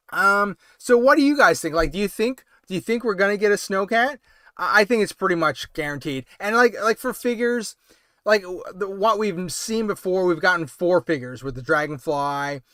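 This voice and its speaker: Sitting high with a sharp edge, this man's voice comes through clean with no room sound. He's at home on a late-night stream about toy collecting, drifting from point to point in a loose, hedging way, full of ums and I means.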